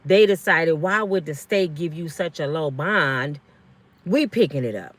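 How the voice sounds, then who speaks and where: This is a middle-aged woman with a slightly low-pitched voice, talking straight to her live-stream audience. She tells a personal story in an earnest, pleading way, circling back and repeating herself as she goes. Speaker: vlog host.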